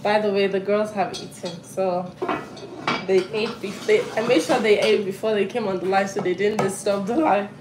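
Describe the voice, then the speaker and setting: A woman's voice: medium pitch, steady tone, moderate pace. A young woman from Africa, chatting effusively on a live cooking stream at home and calling out to her children. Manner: effusive and emotional, calls out sharply to her children. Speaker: vlogger livestreaming while cooking. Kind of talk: casual live-stream chat. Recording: echoey room with noisy background.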